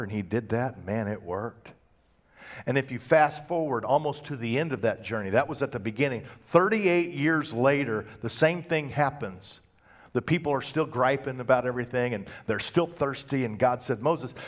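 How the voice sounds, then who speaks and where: A male pastor preaching a sermon, telling the story in a folksy, conversational way and acting out the quotes. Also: normal speed. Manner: folksy storytelling with acted-out quotes and big pitch swings.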